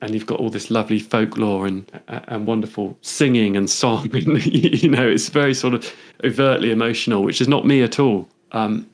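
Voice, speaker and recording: A man with a somewhat low voice speaks in a relaxed, conversational interview. He is a photographer who reflects on his pictures, wandering from thought to thought and thinking aloud. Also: normal speed, hardly any pauses.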